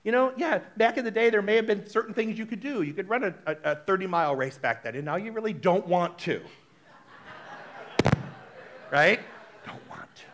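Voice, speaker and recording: High-voiced man preaching a lively sermon. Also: fast, few pauses, slight background noise. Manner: conversational, animated, talks straight to the congregation. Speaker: minister. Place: spiritual center service.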